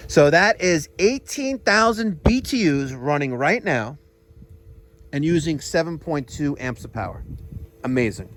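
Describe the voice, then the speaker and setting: A man's voice: fairly high pitch, lively intonation, a little slow, fairly bright tone, slight background noise. A man hosting an HVAC job-site vlog, talking in a salesy, infomercial-style patter about the system he just installed. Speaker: HVAC contractor and show host. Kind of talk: casual on-the-job vlog talk.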